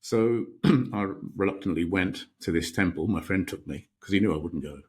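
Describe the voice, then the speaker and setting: A man's voice: sits low, normal speed, breathy edge. A middle-aged British man, a podcast guest, telling stories reflectively with many restarts. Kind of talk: storytelling in a podcast interview.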